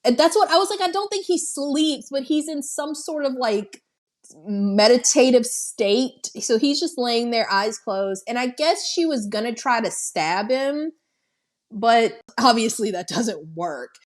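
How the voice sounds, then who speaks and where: A woman's voice: fairly high pitch, expressive, measured pace. A woman co-hosting a podcast, recapping a movie in casual chat, swearing freely and acting out the characters' lines. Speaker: podcast co-host.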